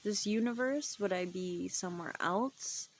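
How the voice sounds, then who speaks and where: A woman's voice: medium pitch, measured pace, slight background noise. A woman casually telling a true paranormal story from her childhood, chatty and dropping into whispers for suspense. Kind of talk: casual first-person storytelling.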